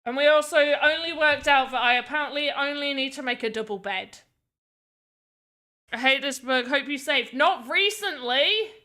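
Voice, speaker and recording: Her high voice moves at a moderate pace, bright and forceful, as she builds a game live on stream. It's casual chatter: she reasons aloud while testing and calls out her reactions to what unfolds on screen.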